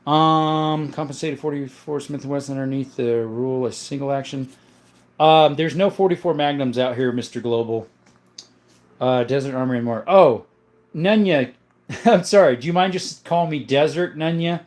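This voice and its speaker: A man hosting a casual livestream, reading viewer comments aloud and answering them in a relaxed, chatty way. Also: medium pitch. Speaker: livestream host showing his gun collection. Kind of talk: casual live-stream chat.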